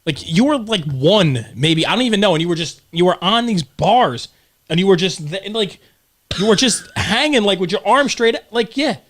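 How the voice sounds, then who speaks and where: A man's voice: sits high, animated, normal speed, a bit bright. A middle-aged man hosting a casual chat show with his daughter, joking and teasing. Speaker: host, parent.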